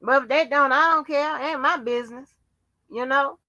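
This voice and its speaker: A woman's voice: sits high, normal speed, bright, forceful tone, dry recording, highs cut off. A woman hosting a live channel, rambling in casual talk and turning into profane, heated rants aimed straight at her viewers. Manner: rambling with many restarts and fillers. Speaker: channel host. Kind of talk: casual livestream rant.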